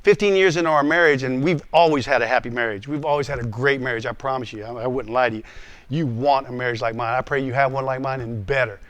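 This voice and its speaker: A man in his role as pastor teaching a class, earnest and animated, often stammering and repeating words. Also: mid-range voice, fast, dry recording. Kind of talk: emotional teaching talk. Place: room with a class.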